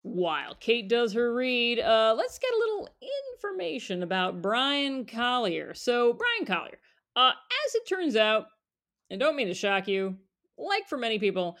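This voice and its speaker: Animated chatty man. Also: very high-pitched, unhurried. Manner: chatty, animated, laughs often. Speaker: podcast co-host. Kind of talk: casual chat about picture books.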